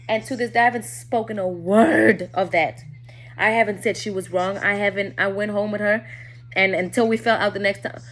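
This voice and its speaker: A woman telling a personal story to her viewers in a candid, casual way, often dropping low and quiet.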